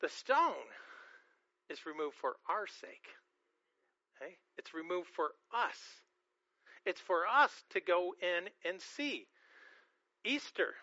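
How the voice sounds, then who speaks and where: A man's voice: high voice, pushed and bright, no room sound, muffled recording. A man preaching an earnest sermon, often repeating words as he starts a phrase and asking the congregation questions. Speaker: pastor.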